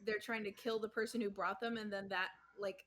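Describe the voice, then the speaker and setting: A woman hosting a relaxed podcast chat, listening attentively and stepping in with follow-up questions. Her pitch is ordinary, in the middle range. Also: a little fast. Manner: attentive, asks clarifying questions. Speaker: podcast host. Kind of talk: casual chat.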